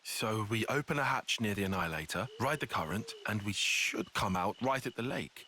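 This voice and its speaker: Man, steady young hero, matter-of-fact, low pitch, bright tone. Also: moderate pace.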